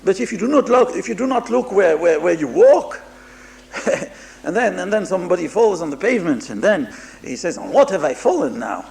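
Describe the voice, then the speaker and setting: A man preaching a moral talk in a high, gravelly voice that swings widely up and down. He speaks haltingly, repeats words, and keeps checking whether his listeners understand. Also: animated, darkish tone. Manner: halting, repeats words, mixes Hebrew terms into English, asks listeners "understand?". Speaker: rabbi giving a Musar talk. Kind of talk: sermon.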